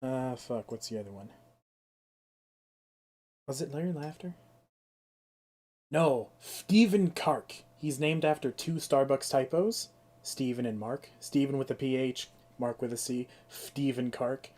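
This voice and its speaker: A man's voice: mid-range voice, measured pace, long pauses, darkish tone. Exasperated young man with a sore throat. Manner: ranting, exasperated, swears freely. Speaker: streamer. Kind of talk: casual live-stream gameplay commentary.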